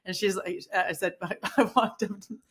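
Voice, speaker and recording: A woman's voice: medium pitch, brisk, slightly rough. A middle-aged woman co-hosting a podcast in casual chat, telling stories with lots of restarts and acted-out quotes. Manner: animated storyteller, many restarts and acted quotes. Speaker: podcast co-host.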